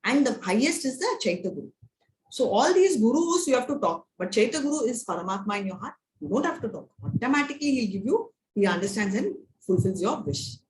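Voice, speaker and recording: A woman's voice: a little high, big pitch swings, brisk. A woman with an Indian English accent teaching a devotional scripture class, telling stories and often tagging lines with "right?" and "you know". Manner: storytelling, frequent "right?" and "you know" tags. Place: temple class room. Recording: echoey room with faint noise.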